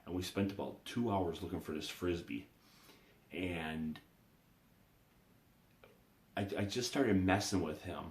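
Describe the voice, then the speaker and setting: In a casual vlog recorded in an echoey room, a man tells rambling personal stories, often repeating himself and starting over. His voice is low and husky, and he talks slowly with long pauses.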